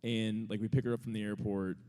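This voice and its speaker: Man, live podcast host, low voice, mellow tone, casual rambling story, long hall reverb. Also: flat delivery, a little fast. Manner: casual, rambling, self-deprecating, laughing often. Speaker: podcast co-host answering audience questions. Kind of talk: live storytelling answer on stage. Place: large venue before a live audience.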